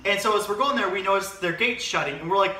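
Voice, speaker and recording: A man's voice: high-pitched, quick pace, sharp tone. A young man, a son in the family, telling a story casually and acting out the voices. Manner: tells stories, acts out voices. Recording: echoey room, mic at a distance.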